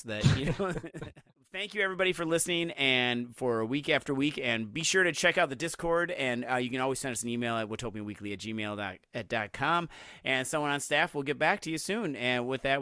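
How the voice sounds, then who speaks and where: A man hosting a podcast in an easygoing, rambling way, tripping over his words and circling back. His voice is bright and present, and it is recorded dry with no room sound. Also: medium pitch, no room sound. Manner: rambling, lots of restarts and filler words. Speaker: podcast host. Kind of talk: casual chat.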